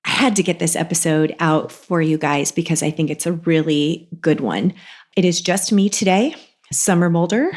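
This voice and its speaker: A woman's voice: fairly low pitch, a little mellow. A woman hosting a podcast alone, a little congested, talking in a chatty, conversational way. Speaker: podcast host. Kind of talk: casual podcast monologue.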